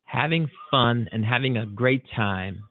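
Earnest rambling talk show host, tinny. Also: male voice, medium pitch, a little slow, dry recording. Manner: rambling, earnest, with many repeats and fillers. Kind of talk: closing monologue of a call-in show. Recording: dry, tinny phone-like audio.

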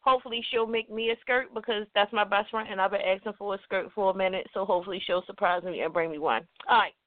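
A woman's voice: medium pitch, steady tone, quick pace, no echo. Chatty woman radio host, tinny sound. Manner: chatty, playful, self-teasing. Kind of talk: casual radio chat. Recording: dry, tinny phone-like sound.

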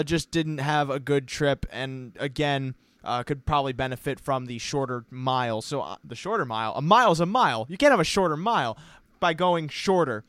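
A man's voice: fairly high pitch, fairly bright tone, smooth, no echo, studio quality. A man hosting a horse racing podcast, breaking down picks with joking, self-mocking asides. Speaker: podcast host. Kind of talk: horse racing handicapping talk.

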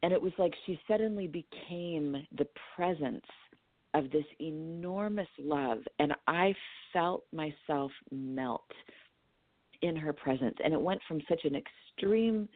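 A lower-pitched woman from California tells a personal story as a podcast guest. She's animated, slipping into the voices of the people she quotes. The sound is thin and tinny like a phone line, with no room echo at all. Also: a little slow. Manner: animated storyteller who acts out her own quotes. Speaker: dream therapist and author, podcast guest. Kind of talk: storytelling in a conversational interview.

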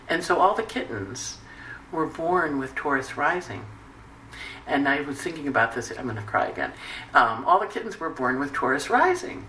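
A woman's voice: extremely low pitch, moderate pace, slight background noise. Chatty woman astrologer in an echoey room. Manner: chatty, animated storytelling with asides. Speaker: astrologer host. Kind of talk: casual weekly forecast talk. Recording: echoey room, distant mic.

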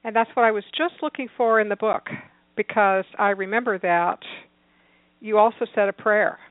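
A woman's voice: medium pitch, moderate pace, dry recording. Woman host asking follow-ups, dead dry sound, phone line quality. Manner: engaged, asks follow-up questions. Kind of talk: interview chat.

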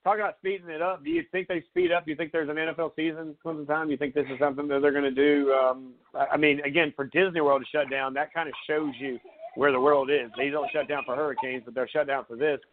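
A man's voice: a little high, fairly even intonation, quick pace. A man hosting a radio show, chatting casually about football and asking questions. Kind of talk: casual sports talk. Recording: phone-like line with background noise.

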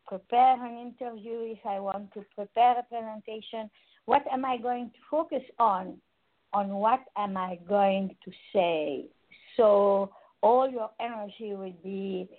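A woman radio host and holistic coach speaks slowly and deliberately. She leaves pauses and asks her listeners rhetorical questions. Her rather high voice comes through a thin, phone-like line. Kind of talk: radio talk show monologue. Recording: tinny phone-line sound.

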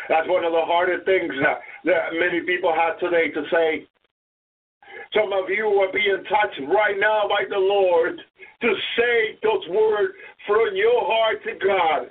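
A man's voice: sits high, slow pace. Fervent preacher man, tinny and distant. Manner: fervent, repeats praise words, rises to shouted crying. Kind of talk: sermon. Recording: distant, tinny phone-like sound.

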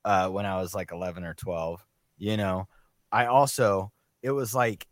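A man's voice: sits low, steady tone, moderate pace, no room sound, studio quality. Laid-back Southern-accented man. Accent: Southern US, Myrtle Beach coastal. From US South (Atlanta, coastal South Carolina). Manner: laid-back, chatty with many fillers. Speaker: podcast co-host. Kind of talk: casual chat.

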